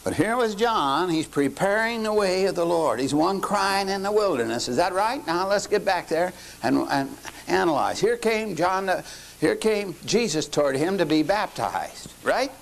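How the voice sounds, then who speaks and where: A man's voice: high-pitched, animated, moderate pace, vocal fry, a little hiss or hum. An older man teaching a lecture-style sermon, folksy, often quizzing his listeners with questions. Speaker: lay teacher.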